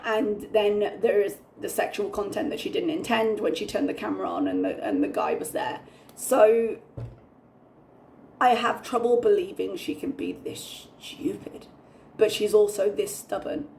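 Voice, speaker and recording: A young woman talks through her commentary with a noticeable gravelly fry in her voice, sitting at a middling pitch. She rants openly and swears without holding back, and her tone stays candid and unfiltered. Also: huge pitch swings, a little slow, darkish tone, a little hiss or hum. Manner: ranting, candid, swears freely. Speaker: reaction channel host.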